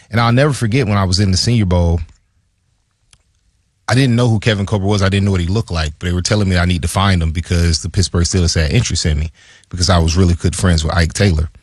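Man, former football player, low voice, husky, animated storytelling, dry. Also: dry recording. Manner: animated, acts out quoted dialogue. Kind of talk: casual storytelling.

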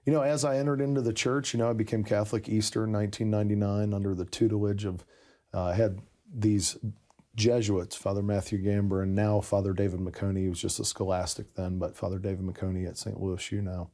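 A man telling the story of his conversion in a casual conversation, animated and laughing often. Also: on the low side, fairly quick.

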